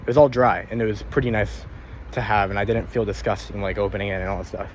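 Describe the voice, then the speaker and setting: A man's voice: lowish voice, fairly even intonation, fast talker, background noise. A young man vlogging casually about his day, rambling and swearing, tired and a little out of breath while walking. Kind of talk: casual daily vlog.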